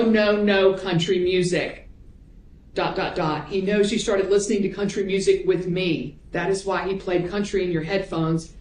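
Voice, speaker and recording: A woman prosecutor examining a witness in court, reading emails aloud in a measured, plain way. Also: lowish voice, darkish tone, a little hiss or hum. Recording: roomy courtroom audio.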